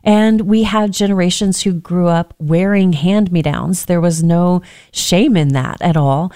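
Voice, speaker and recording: A woman's voice: fairly low pitch, a little slow, dark tone, smooth, no echo, studio quality. An American woman hosting a reflective faith-based talk, telling personal stories in an earnest way with self-deprecating asides. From United States.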